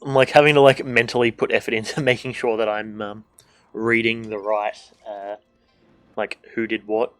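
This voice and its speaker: A man with a fairly low voice chats his way through a game stream from a desk microphone at home. He jokes and swears freely and reads the game's lines out loud. Soft game music plays behind him. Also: level tone, moderate pace. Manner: joking and irreverent, swears, reads game dialogue aloud. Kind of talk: casual gameplay commentary.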